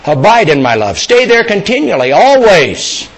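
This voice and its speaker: A man's voice: high voice, moderate pace, low-quality recording. An older man preaching a sermon, asking the congregation questions and calling for amens. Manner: animated, asks the congregation questions and calls for amens.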